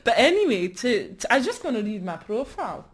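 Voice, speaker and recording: A woman's voice: on the high side, very animated, a little fast, husky. A woman artist performing comic, rambling chat, self-mocking and laughing often.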